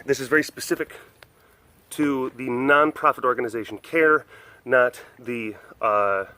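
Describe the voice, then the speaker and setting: A man rambles casually through his animal webcast and laughs often at himself. His voice sits at an ordinary middle pitch, and he drifts into cooing baby talk with the animals. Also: sharp tone. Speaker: vlog host at a wild animal facility.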